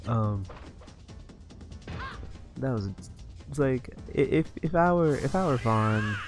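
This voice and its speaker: A young man with a middle-pitched voice gives laid-back, rambling commentary over his gameplay. He pads his talk with lots of fillers, and faint game music plays underneath. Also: lively intonation, slow pace. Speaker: let's play gamer.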